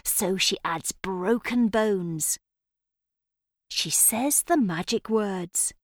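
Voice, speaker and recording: A woman narrating a children's story in a slow, expressive, sing-song manner. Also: medium pitch, dry recording, studio quality.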